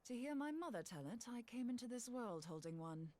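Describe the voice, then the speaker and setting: A woman's voice: a little high, sing-song, fairly quick, dark tone, no echo. A woman voicing a bold, axe-loving young woman scholar in a game, breezy and wry. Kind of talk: game voice acting.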